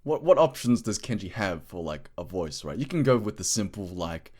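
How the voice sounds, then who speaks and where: A man with a fairly low voice chats loosely as a podcast co-host. He rambles and hedges, with "like" scattered through his sentences. The talk is relaxed and unscripted. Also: moderate pace. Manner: rambling, full of "like" fillers. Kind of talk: casual podcast chat.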